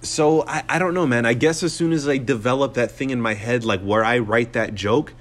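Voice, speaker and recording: A man's voice: mid-range voice, a little fast. A man in his twenties hosting his own podcast, talking in a profane, sarcastic, rambling rant full of fillers and restarts. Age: 20s. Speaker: podcast host and comedian.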